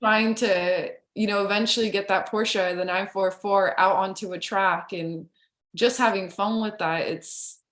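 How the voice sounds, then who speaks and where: A woman guest on a podcast telling stories excitedly in casual chat, with a lot of "like" in her speech. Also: mid-range voice, measured pace, roomy sound. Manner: excited storytelling, heavy use of "like".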